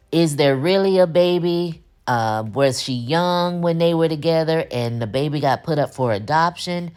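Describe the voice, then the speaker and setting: A woman hosting a casual TV episode recap, chatty and opinionated, talking straight to her viewers. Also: low-pitched. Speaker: TV recap host.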